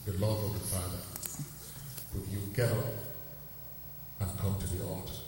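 A man, a pastor giving a personal faith testimony, earnest and slowly repeating his key phrases. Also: low-pitched, flat delivery. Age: 60s. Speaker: pastor and counselor. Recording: echoey hall, far from mic, faint noise.

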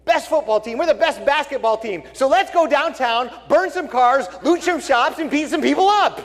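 A man's voice: extremely high pitch, lively intonation, moderate pace, pitched above the performer's own voice. A man mockingly voicing a gloating young male sports fan in a sing-song voice. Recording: long reverb in a large hall.

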